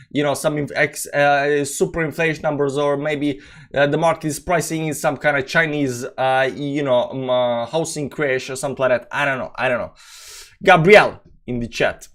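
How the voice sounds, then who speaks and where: A man's voice: fairly high pitch, fairly bright tone. Rambling man hosting a crypto livestream. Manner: rambling, halting, many fillers and restarts. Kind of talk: casual livestream chat reading viewer comments.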